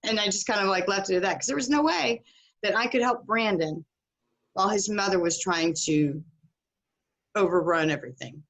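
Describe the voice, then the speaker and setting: A woman's voice: mid-range voice, moderate pace. A middle-aged woman telling a story as a podcast guest, acting out the people she quotes. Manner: animated, acts out quoted voices. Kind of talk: casual storytelling.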